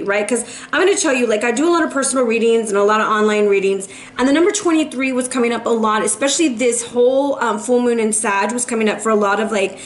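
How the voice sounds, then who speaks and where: A woman with a fairly high voice gives a chatty monthly tarot reading straight to camera. She is emphatic, repeats key words and keeps asking her viewers whether they follow. A faint noise sits under her voice. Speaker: tarot reader.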